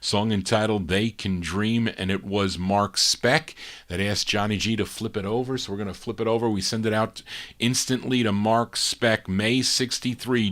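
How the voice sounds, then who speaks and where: A man's voice: lowish voice, fairly even intonation, measured pace, a bit bright. An older man hosting an oldies radio show, chatting casually between records with fillers and repeated details.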